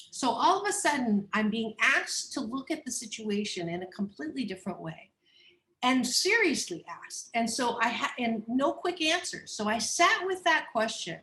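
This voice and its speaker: Bright-voiced, animated woman telling stories. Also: a little high, moderate pace, roomy sound. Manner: animated, expressive, acts out voices, laughs often. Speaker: guest, organizational psychologist and coach. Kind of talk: candid storytelling in a podcast interview.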